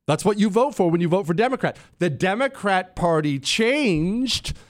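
A man's voice: sits high, normal speed. A man hosting a political talk show, giving a rambling monologue, breaking off mid-sentence and calling out to his crew. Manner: animated, rambling, self-interrupting; addresses his crew on air.

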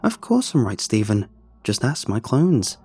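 A man voicing a smug robotic male clone from the future, who speaks in flat, know-it-all pronouncements. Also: mid-range voice, a little slow, husky, soft background music, full character voice. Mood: gloating.

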